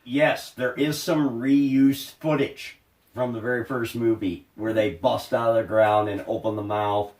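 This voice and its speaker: A man's voice: mid-range voice, steady tone, a little slow, darkish tone. A man co-hosting a casual movie review podcast, blunt and sweary in his opinions. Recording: roomy, distant mic.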